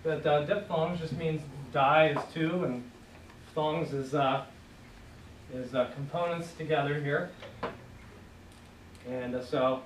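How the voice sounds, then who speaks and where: A man teaching a class, relaxed, leading students in repeating sounds. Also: a little high, slow pace, pauses often, a little hiss or hum. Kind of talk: classroom lesson. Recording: echoey room, voice from far off.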